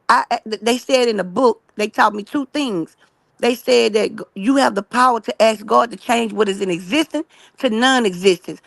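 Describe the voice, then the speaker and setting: A woman with a gravelly, slightly high voice pours out an earnest religious testimony at a fast pace. She keeps checking in with her listeners as she goes. Her voice sounds dry and close. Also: no echo. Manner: fast and emphatic, keeps asking "right?" and calling "y'all". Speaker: guest telling her story. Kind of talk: rambling personal testimony.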